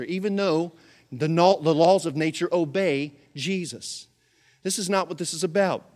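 A man preaching a sermon as pastor, telling the story with animated energy and bursts of shouting. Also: high voice.

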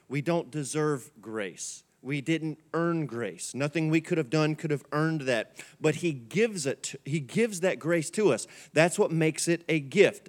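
A male pastor preaching a conversational midweek sermon in church, repeating key words and calling on the congregation to answer. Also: on the high side. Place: church sanctuary.

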